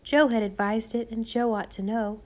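A woman narrates a children's classic as an audiobook. Her telling is measured and expressive, with a calm, even way of reading. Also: fairly high pitch. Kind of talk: scripted narration.

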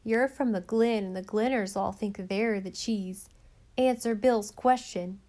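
A woman reading aloud, voicing a big girl who taunts loudly and sneeringly. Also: medium pitch, unhurried, lightly acted. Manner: taunting, loud.

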